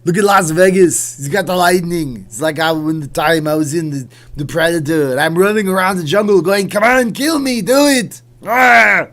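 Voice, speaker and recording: A man putting on a loud, bragging impression of a famous Austrian-accented bodybuilder governor, in broken English. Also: high-pitched, moderate pace, few pauses, voice pushed up. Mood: boastful.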